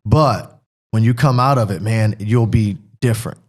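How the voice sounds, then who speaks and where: A man's voice: on the low side, normal speed. A middle-aged man from Pennsylvania, a former football player as guest, telling an emotional personal testimony in a rambling, earnest way that keeps repeating itself.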